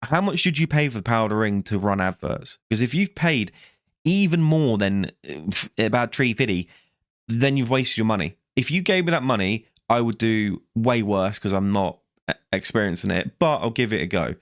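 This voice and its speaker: A worn-out man rants through a rambling, sarcastic vlog review, correcting himself as he goes. His voice sits fairly low and sounds dry and close, with no room around it. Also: expressive, brisk, dry recording. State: tired. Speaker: vlogger.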